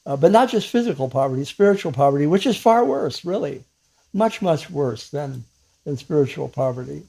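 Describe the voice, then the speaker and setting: A man giving a casual spiritual talk to camera as a Christian teacher, halting with many fillers and restarts and soft chuckles. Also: fairly high pitch, expressive, creaky, slightly rough.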